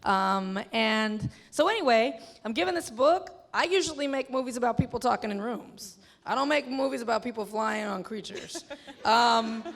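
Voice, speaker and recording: A woman filmmaker talking in an animated, chatty way with lots of fillers, in an onstage conversation at a film festival. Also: medium pitch. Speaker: filmmaker guest. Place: film festival venue with an audience. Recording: long hall reverb.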